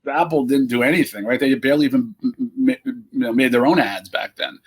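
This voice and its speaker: A man's voice: mid-range voice, sing-song, brisk, a little mellow, slightly rough. A middle-aged man, a team founder and CEO, telling stories in a casual interview and acting out the quoted exchanges.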